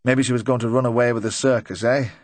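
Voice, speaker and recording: A man's voice: mid-range voice, steady tone, quick pace, no echo, close to an everyday voice. Man doing a nervous, chatty van driver. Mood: chatty, uneasy. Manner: rambling, eager to please, forced joviality.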